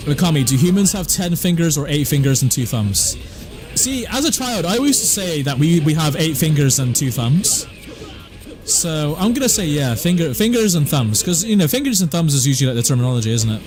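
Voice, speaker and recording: A man's voice: on the high side, big pitch swings, brisk, over music. Laid-back West Country streamer, man. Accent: West Country English. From southwest England. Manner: laid-back, chatty, answers chat with laughs. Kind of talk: casual live-stream chat.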